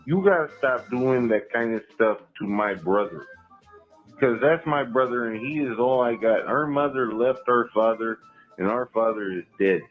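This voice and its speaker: A man's voice: medium pitch, natural voice. A man voicing a scolding, aggrieved brother who keeps tacking a questioning tag onto his sentences. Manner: drawling, ends sentences with "eh". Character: aggrieved mock-Canadian brother defending his sibling. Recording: tinny phone line.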